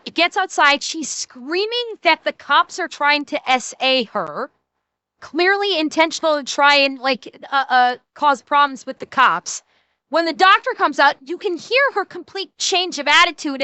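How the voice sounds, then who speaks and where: A woman's voice: high-pitched, animated, moderate pace, sharp tone, no room sound. Blunt, swearing woman streamer. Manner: blunt, sarcastic, swears a lot. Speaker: reaction streamer. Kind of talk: profane reaction commentary.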